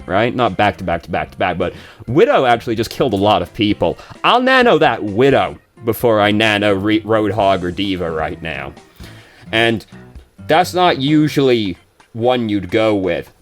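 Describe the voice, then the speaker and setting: A young man giving casual, swearing-prone commentary while reviewing someone's gameplay, with quick asides to the viewer. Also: lowish voice. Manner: swears and rants when frustrated, quick asides. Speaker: game reviewer.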